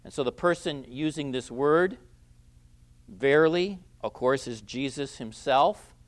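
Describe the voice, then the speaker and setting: A man preaching an expository sermon, who stresses key phrases loudly, repeats them and lets his phrase endings drop quiet. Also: mid-range voice, a little slow. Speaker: pastor.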